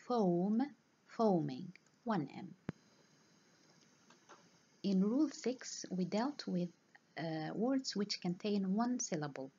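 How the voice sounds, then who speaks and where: Slow, husky-voiced woman lecturer. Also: on the low side, a little mellow. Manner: slow, deliberate, repeating example words. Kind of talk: recorded university lecture. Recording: dull lo-fi recording.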